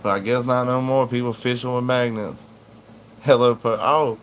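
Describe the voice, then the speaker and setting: This livestream host is a laid-back, drawling man chatting casually from home at a normal pace. His middle-pitched voice keeps a fairly even intonation as he wanders from talking to his viewers to doting on his dog. Underneath it all, an air conditioner hums faintly.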